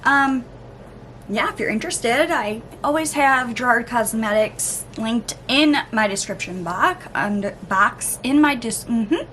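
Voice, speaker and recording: A woman vlogger chatting casually through an unboxing, gushing, gasping and cooing with excitement. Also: fairly high pitch, a little slow, slight background noise. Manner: gushing, excitable, lots of gasps and oohs. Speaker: beauty vlogger.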